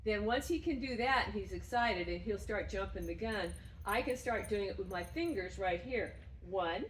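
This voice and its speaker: A woman dog trainer explaining and demonstrating games with her dog, breaking into loud, effusive praise. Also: mid-range voice, normal speed, a little hiss or hum. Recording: roomy sound from a distance.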